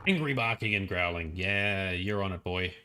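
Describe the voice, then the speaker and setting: A man's voice: low-pitched, moderate pace, over loud music. A young man with an Australian accent, chatting and thinking aloud while streaming a game, often laughing. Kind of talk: live-stream gameplay commentary.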